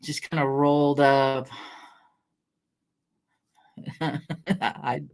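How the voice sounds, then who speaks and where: A middle-aged woman from Washington State chats on a casual livestream, reading out names from the chat as she goes. Her voice sits low for a woman, and she rambles easily from one story to the next with frequent laughs. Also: level tone, drawn-out words, clear, resonant tone. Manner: chatty, rambling, laughs often, greets viewers by name. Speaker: livestream host. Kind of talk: casual chat with live chat readers.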